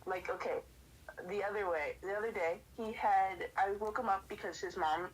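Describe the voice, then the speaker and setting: A woman's voice: medium pitch, normal speed, husky, low-quality recording. A woman streamer chatting casually and telling stories, with a lot of "like" as filler. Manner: chatty storyteller, lots of "like". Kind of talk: casual chat.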